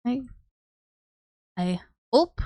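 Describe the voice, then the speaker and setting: A woman's voice: a little high, animated, drawn-out words, mellow, dry recording. A young woman, chatting casually and teasingly with her viewers on a live stream while she draws, swearing freely. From Canada.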